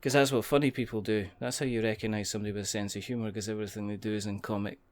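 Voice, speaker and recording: A man's voice: on the low side, little pitch movement, rapid-fire. A man hosting a casual podcast chat, joking, rambling and laughing often. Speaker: podcast host.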